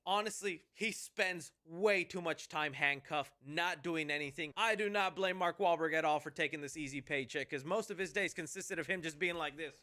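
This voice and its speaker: Give me a sarcastic man reviewing a movie in a high, animated voice. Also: moderate pace, few pauses.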